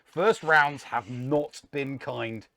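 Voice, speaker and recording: A man's voice: mid-range voice, slow pace, vocal fry, pushed and bright, dry recording. A man co-hosting a casual gaming show, recapping matches with dry humor. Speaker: co-host.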